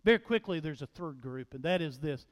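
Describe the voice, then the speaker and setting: A male pastor preaching a sermon in a church, animated and emphatic, speaking straight to his congregation. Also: fairly high pitch, brisk. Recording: long reverb of a large hall.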